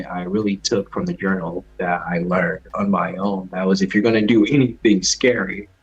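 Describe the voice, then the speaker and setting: A man's voice: low voice, breathy edge. A man calling in, a martial artist who speaks hesitantly with many filler sounds. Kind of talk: casual call-in chat. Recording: dull lo-fi call audio.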